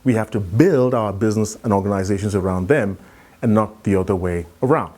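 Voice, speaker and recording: A man giving a conference talk, telling a story in an animated way and acting out the dialogue. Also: lowish voice, a little fast. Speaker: keynote speaker.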